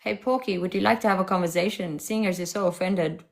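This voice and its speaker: A woman's voice: lowish voice, quick pace, creaky. A woman from South Africa with a South African accent, hosting a live stream, talking to callers in a sassy, taunting way. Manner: sassy, taunting, switching voices. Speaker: livestream host.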